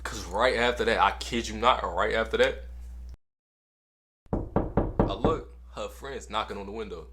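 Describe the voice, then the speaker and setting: A young man casually telling a story to camera in a slangy, animated way, repeating lines for effect. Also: on the low side, unhurried, pauses often, background noise. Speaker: storytime vlogger.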